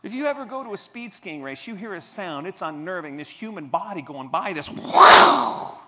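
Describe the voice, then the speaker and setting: A man giving a motivational keynote speech on a convention stage, telling a story and acting out the scenes with bursts of shouting. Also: sits high, expressive, brisk. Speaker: keynote speaker. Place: large convention hall stage. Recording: reverberant convention hall.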